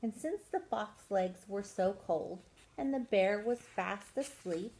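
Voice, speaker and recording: A woman reading a children's picture book aloud at storytime, expressive and drawing out soft words. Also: medium pitch, takes it slowly, poor audio. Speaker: storytime reader.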